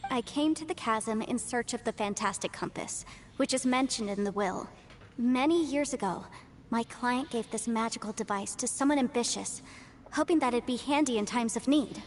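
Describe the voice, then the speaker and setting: An actress playing a composed, formal legal adviser explaining things in a game. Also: female voice, on the high side, slight background noise, natural voice. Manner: measured, formal.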